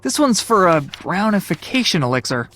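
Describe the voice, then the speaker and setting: A woman's voice: fairly low pitch, big pitch swings, moderate pace, a bit bright, a little hiss or hum. A voice actor playing a sarcastic young male time traveler, casual and wisecracking. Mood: wry. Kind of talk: video game voice acting.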